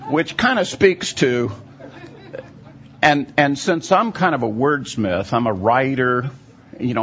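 Guy preaching a bible lesson, husky gravelly voice, keeps asking okay?, muffled old recording. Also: mid-range voice, a bit bright. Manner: explanatory, often checks in with the audience. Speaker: Bible teacher. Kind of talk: teaching sermon with a story. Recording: dull lo-fi recording.

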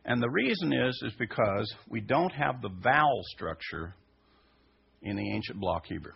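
A man teaching a sermon in an emphatic way, his voice rising to high stressed peaks. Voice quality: husky, gravelly. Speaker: Messianic teacher. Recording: dull lo-fi recording.

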